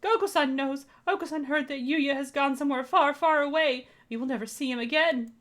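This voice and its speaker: Woman doing a squeaky hyper pigeon boy, yelling everything, way high. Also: brisk. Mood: earnest. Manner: loud, excited exclamations. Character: hyperactive shouting young male pigeon. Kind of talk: reading game dialogue aloud.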